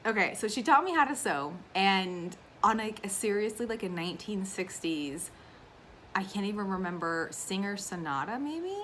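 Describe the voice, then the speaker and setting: A woman's voice: mid-range voice, expressive, normal speed, fairly bright tone, a little hiss or hum. Chatty, emotional woman vlogger. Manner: chatty and emotional, with frequent fillers. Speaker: cross-stitch vlogger. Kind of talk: casual chat to camera.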